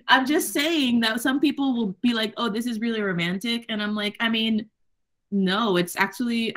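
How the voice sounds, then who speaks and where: Animated, profane woman chatting about books. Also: mid-range voice. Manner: animated, profane, laughs often, acts out quotes. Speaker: podcast co-host. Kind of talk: casual book club chat.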